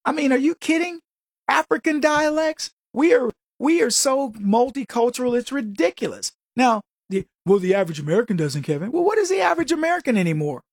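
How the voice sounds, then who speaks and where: A man giving an opinionated monologue as a political commentator, firing off sarcastic rhetorical questions in an animated way. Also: very high-pitched, fairly quick, vocal fry, no echo, clean studio sound.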